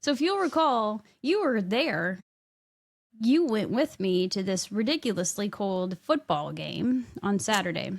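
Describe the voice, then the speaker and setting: A woman's voice: mid-range voice, animated, unhurried, gravelly. A middle-aged woman co-hosting a podcast, telling a story in casual chat and laughing as she goes. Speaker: podcast co-host.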